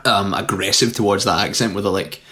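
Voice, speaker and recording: A man's voice: on the low side, fairly even intonation, a little fast, sharp tone. A Scottish man co-hosting a podcast, telling stories in sweary, casual banter. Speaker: podcast co-host. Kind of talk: casual chat.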